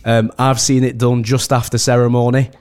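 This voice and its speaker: A man's voice: medium pitch, flat delivery, normal speed, darkish tone, smooth. British man, podcast guest, casual rambling chat, lots of restarts. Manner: rambling, many restarts and "do you know what I mean". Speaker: wedding host and celebrant, guest.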